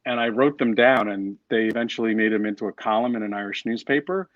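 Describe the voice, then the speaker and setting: Guest author: low-voiced man, chatty and self-deprecating, on a dry, muffled video call. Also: quick pace, no room sound. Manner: storytelling, self-deprecating, restarts often. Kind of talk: casual interview chat.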